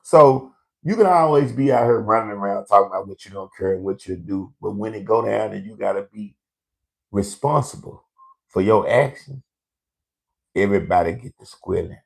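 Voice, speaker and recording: A man's voice: on the low side, moderate pace, gravelly. A man hosting a live comedy show, ranting in a brash, profane storytelling way to online viewers.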